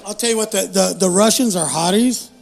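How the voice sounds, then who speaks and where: A man with a high voice co-hosts a casual podcast. His voice has a gravelly edge, and he jokes around in crude, loose banter. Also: fairly quick, a little hiss or hum. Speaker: podcast co-host. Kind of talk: casual chat.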